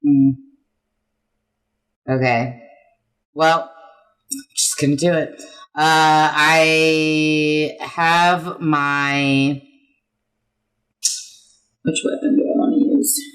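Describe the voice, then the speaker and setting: A tabletop player speaks slowly and haltingly, with lots of fillers. The talk is casual. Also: medium pitch, fairly even intonation, fairly bright tone.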